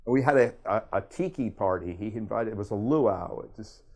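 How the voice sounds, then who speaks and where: An older man from Miami with a fairly low voice tells sports anecdotes as an interview guest. He is animated and lively, slipping into impressions and jumping back into his own telling. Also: normal speed. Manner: animated storyteller, does impressions. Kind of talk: casual storytelling interview.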